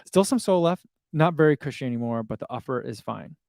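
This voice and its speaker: A man's voice: mid-range voice, animated, brisk, vocal fry, a little mellow, no echo, clean studio sound. A middle-aged man hosting a running livestream, chatting casually and reading viewer comments aloud with easy laughs. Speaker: running channel host reading live chat.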